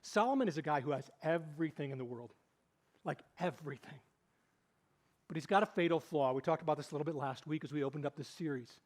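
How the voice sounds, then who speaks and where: Male pastor, higher-pitched voice, animated sermon storyteller. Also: fast talker. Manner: animated storytelling, swinging between loud and hushed.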